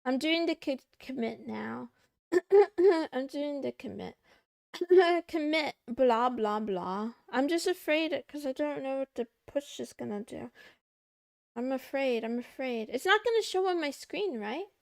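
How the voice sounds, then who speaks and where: High-voiced young woman streaming, unhurried. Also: animated, gravelly, darkish tone, dry recording, studio quality. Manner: playful, whiny, talks to herself and chat, meows. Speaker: VTuber livestreamer. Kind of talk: casual live-stream chatter.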